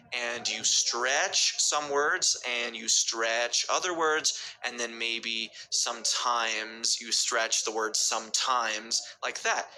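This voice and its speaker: A man's voice: medium pitch, pushed and bright, slight background noise, poor audio. A man coaching stuttering, talking through speech techniques in an upbeat, encouraging way and demonstrating them by stretching and over-articulating words. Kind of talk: instructional workshop talk.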